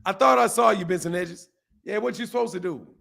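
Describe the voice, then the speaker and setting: A man's voice: high voice, a little fast, vocal fry, fairly bright tone. Slangy older man hosting a boxing stream. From Omaha, United States. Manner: slangy, loose, laughing, reacting to chat. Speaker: boxing livestream host. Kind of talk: casual livestream chat.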